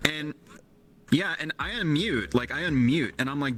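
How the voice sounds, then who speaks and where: A man's voice: fairly high pitch, lively intonation, normal speed, fairly bright tone, soft background music, poor audio. A man hosting a live stream, chatting casually and telling a rambling, profane story. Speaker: stream host. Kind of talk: casual chat.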